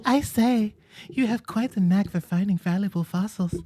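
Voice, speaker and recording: A man voicing a pompous old male owl museum curator in a fussy, genteel, plummy manner, loud and theatrical with excitable hoots. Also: high voice, normal speed, soft background music, pitched above the performer's own voice.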